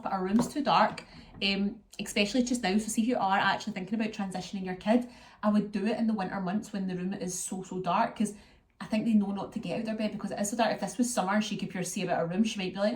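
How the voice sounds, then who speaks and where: A young Scottish woman talking to camera in an easy, rambling vlog style. Her voice sits at a middle pitch, and her chat is full of local slang. Her stories run on from one thing to the next. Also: fairly even intonation, fast. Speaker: vlogger.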